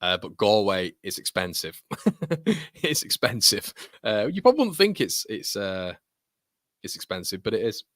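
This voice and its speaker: Young male streamer, bright tone, dry close sound, chatty fan banter. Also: fairly low pitch, very animated, moderate pace, dry recording. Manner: chatty, rambling, laughs often, banter with viewers. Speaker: football watchalong host. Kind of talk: casual live-stream chat reading comments.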